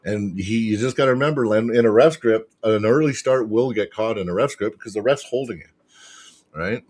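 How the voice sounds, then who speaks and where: A man telling a match story as a podcast guest, excitable and swearing constantly. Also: lowish voice, a little fast. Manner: excitable, profanity-heavy retelling. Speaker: podcast guest, arm wrestler. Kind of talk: casual storytelling chat.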